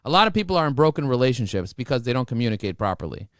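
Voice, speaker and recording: A man talking as a podcast guest, emphatic and motivational, often repeating words as he rushes ahead. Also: medium pitch, no room sound, clean studio sound. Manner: repeats words when excited. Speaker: podcast guest, marketing expert. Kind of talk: energetic podcast interview.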